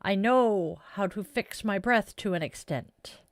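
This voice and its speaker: Woman rambling on a stream, sighs a lot, smooth voice. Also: medium pitch, unhurried, no echo, clean studio sound. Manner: rambling, self-deprecating, sighs often. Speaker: streamer chatting with viewers. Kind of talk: casual live-stream chat.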